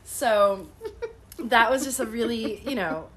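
A woman co-hosting a casual podcast, telling a ghost story with lively asides and laughter while getting over an illness with a cough. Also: on the high side, takes it slowly. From part Sicilian and Italian heritage. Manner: animated storyteller, laughs often. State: sick with a cough. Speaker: podcast co-host.

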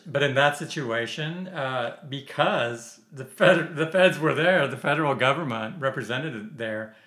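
A man's voice: medium pitch, measured pace, a bit bright. A man discussing a film in a casual panel chat, who often restarts and repeats words while building his point. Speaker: film critic. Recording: roomy echo.

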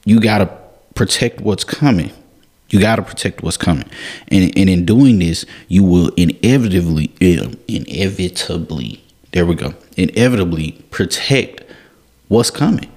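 Deep-voiced young man teaching scripture. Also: animated, normal speed, a little mellow. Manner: earnest, repeats words, restarts phrases. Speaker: devotional podcast host. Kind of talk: casual Bible teaching.

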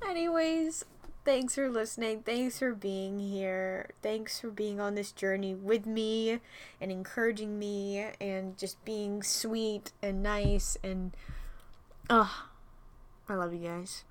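A young woman hosting a casual solo chat, slightly out of breath, talking in a loose, chatty way with soft breathy asides. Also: medium pitch, takes it slowly, long pauses. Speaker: podcast host.

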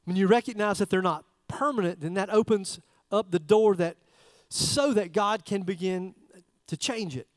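A man's voice: high-pitched, moderate pace, few pauses, no echo. A man preaching a sermon in a church service, talking conversationally and putting direct questions to the congregation. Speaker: pastor.

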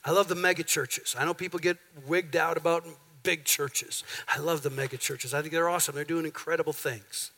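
A man's voice: a little high, steady tone, brisk, sharp tone. A male pastor preaching a sermon in a church, talking conversationally and calling on the congregation for amens. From central Minnesota. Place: church sanctuary.

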